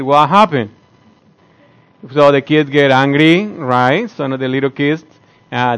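A man's voice: medium pitch, clear, resonant tone, poor audio. A man giving an earnest, conversational morning talk to his community, often asking the listeners questions. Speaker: speaker addressing his community.

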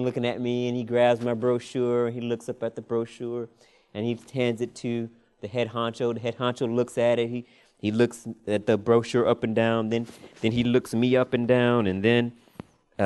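A man's voice: mid-range voice, clear, resonant tone. Preacher guy spinning a funny story from the pulpit, lots of amens, chuckles a lot. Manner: animated, laughing, call-and-response "Amen". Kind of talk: storytelling sermon.

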